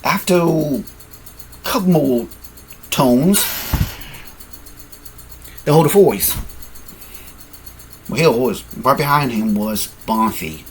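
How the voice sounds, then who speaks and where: A man's voice: mid-range voice, animated, slow, long pauses, faint music behind. A man improvising a fan-fiction story, rambling, correcting himself and apologizing as he goes, sleepy and yawning.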